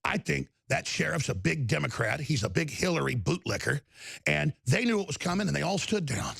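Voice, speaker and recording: A man hosting a talk show, delivering an angry, insulting rant that breaks into shouting. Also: a little high, sing-song, a little fast, creaky, slightly rough, no room sound, clean studio sound. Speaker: talk radio host. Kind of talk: ranting talk show monologue.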